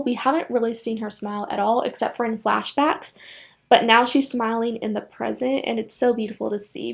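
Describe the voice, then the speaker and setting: Female reaction host, slightly high voice, excitable and rambling, laughs a lot. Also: gravelly. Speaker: anime reaction channel host. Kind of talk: casual reaction commentary.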